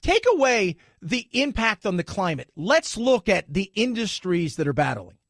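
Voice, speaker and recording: A man hosting a talk radio show, his voice pitched high and swinging widely as he argues. He is sarcastic and animated, recorded dry on a studio mic with no room sound. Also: normal speed, no room sound. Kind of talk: opinionated talk radio monologue.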